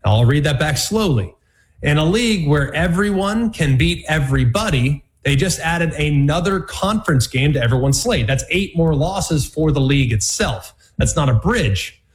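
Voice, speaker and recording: A man's voice: on the high side, lively intonation, normal speed, few pauses. A man hosting a college football analysis show, talking in a punchy, emphatic way with plenty of repetition. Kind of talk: sports commentary show.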